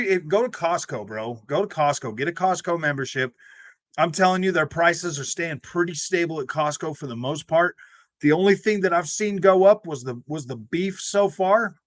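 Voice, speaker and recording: A man's voice: a little high, expressive, moderate pace, no room sound. A young man hosting a gaming channel, chatting casually and rambling, with lots of "man" and "dude" and frequent laughs, on a close desk mic. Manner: rambling, loose speech full of "man" and "dude", laughs often. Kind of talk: casual livestream chat.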